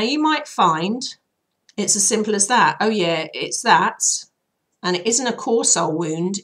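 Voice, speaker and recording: A woman with a lowish, hoarse voice talks her listeners through a healing method. She speaks in a loose, rambling, friendly way, full of fillers and restarts. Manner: chatty, rambling, loose guiding talk with fillers. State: voice hoarse and troubled. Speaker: healer and channel host. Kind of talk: casual spoken guidance.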